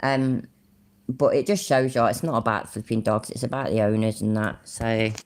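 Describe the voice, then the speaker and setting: A blunt British woman reacts to a video on her stream. She swears freely and rants. Her voice sits unusually low for a woman. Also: steady tone, moderate pace, darkish tone, a little hiss or hum. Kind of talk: casual reaction commentary.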